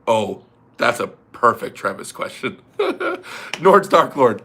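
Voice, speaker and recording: A man's voice: medium pitch, lively intonation, fairly quick, fairly bright tone. A man hosting a casual livestream from his garage, joking and reading out viewer messages. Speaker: livestream host. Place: home garage.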